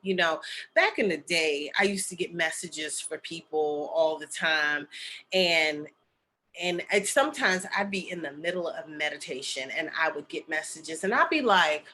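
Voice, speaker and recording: A woman's voice: sits low, moderate pace, pushed and bright, a little hiss or hum. A middle-aged woman telling a personal story in a casual, chatty way, full of fillers and asides like "okay?" and "right?". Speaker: spiritual medium and healer sharing a story.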